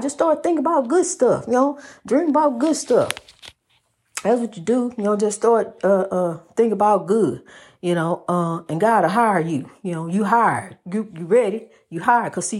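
A woman's voice: a little high, darkish tone, husky. A woman giving a preachy, motivational monologue with a sing-song delivery, repeating phrases and calling listeners honey. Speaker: inspirational speaker.

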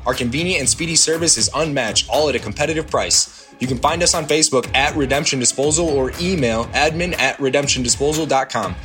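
A man's voice: medium pitch, fairly quick, hardly any pauses, fairly bright tone, faint music behind. Friendly male dumpster-service ad. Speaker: owner of a local dumpster business reading a sponsor ad. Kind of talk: read advertisement.

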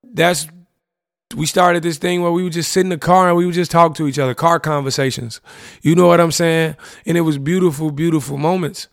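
A man's voice: on the high side, steady tone, a little fast, vocal fry, no echo, clean studio sound. A young man hosting a podcast, telling personal stories about a past relationship in a casual, candid way, full of slang and "you know what I'm saying". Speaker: podcast host. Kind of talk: reflective personal monologue.

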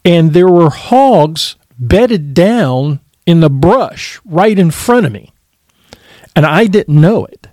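A man's voice: fairly high pitch, lively intonation, slow, darkish tone, no room sound, clean studio sound. A man casually telling stories from his youth, swearing freely and laughing as he goes. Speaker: podcast storyteller. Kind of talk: casual storytelling.

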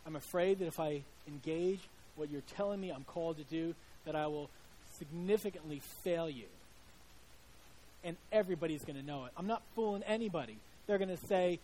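A man's voice: on the high side, darkish tone, a little hiss or hum, close to an everyday voice, rough recording. A man preaching voices Moses as a reluctant, self-doubting prophet who pleads that he is not good enough.

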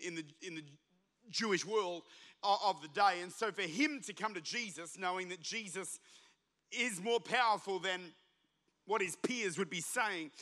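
Male pastor, impassioned preaching that rises to shouts; high-pitched, sharp and bright. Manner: impassioned, builds to shouting, acts out voices of the story. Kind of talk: sermon.

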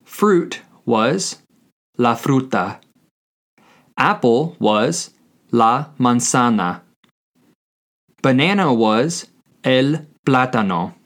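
A man teaching a scripted language lesson, speaking deliberately and spelling words out letter by letter. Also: medium pitch, expressive.

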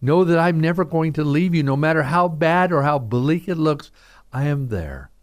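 A man voicing God as a gentle, calm presence who speaks softly and reassuringly to a believer. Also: a little high, no room sound, clean studio sound, natural voice. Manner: soft, slow, hushed and reassuring.

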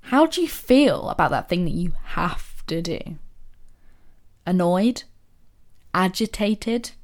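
A woman hosting a podcast, talking to listeners in a casual motivational monologue full of rhetorical questions and soft asides. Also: lowish voice. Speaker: podcast host.

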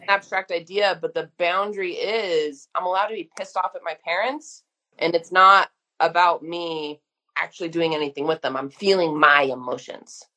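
A woman's voice: fairly low pitch, steady tone, moderate pace, pushed and bright. A woman in her thirties speaking frankly and emphatically as a guest in a casual conversation. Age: 30s. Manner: frank, emphatic, uses mild swearing. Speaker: guest therapist.

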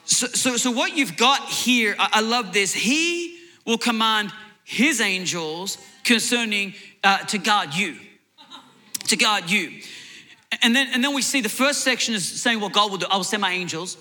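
A male preacher with a fairly high, very bright and forceful voice. He preaches emphatically, restarting and repeating words as he drives each point home, with jokey asides along the way. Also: expressive, a little slow. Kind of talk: sermon.

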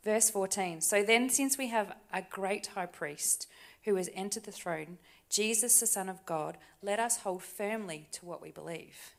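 A woman preaching a sermon in a church, talking conversationally with tag questions and dropping to soft, hushed asides. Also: medium pitch, a little slow, creaky. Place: church stage.

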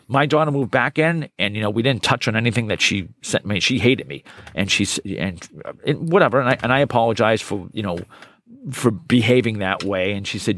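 A middle-aged man tells his story with gusto, swearing freely and stumbling over repeated words when he gets worked up. His voice sits at an ordinary middle pitch. It is recorded close and dry, with no room sound. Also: dry recording. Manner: energetic, profane, repeats words when fired up. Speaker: podcast guest, trainer and author. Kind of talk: casual interview storytelling.

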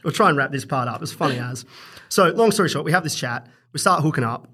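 A man's voice: on the high side, animated, fast talker, sharp tone, slightly rough. A young man telling a story in casual podcast chat, rambling and profane, often laughing. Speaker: podcast guest.

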